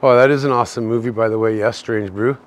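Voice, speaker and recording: Fast and steady in tone, a fairly low-pitched Canadian man with a Canadian accent rambles his way through a live-streamed walking tour. Slightly tipsy, he chats with viewers in chat while walking an outdoor city shopping street.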